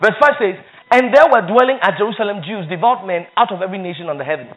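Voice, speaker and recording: A man's voice: sits high, quick pace, a bit bright, rough recording. A man preaching a sermon as pastor, emphatic, repeating phrases for stress and reading scripture aloud.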